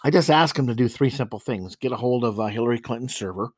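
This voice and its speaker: Preachy christian show host guy, bursts out loud and indignant, dry close sound. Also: medium pitch, fast, husky, no room sound. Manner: emphatic, swings into loud indignant outbursts. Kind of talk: preachy monologue.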